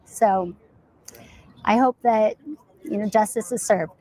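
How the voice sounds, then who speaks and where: A woman in her forties being interviewed on the street, speaking softly and haltingly with frequent ums. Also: medium pitch, slight background noise, low-quality recording. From Arizona, US. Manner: soft, hesitant, with frequent ums. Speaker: interviewed trial spectator.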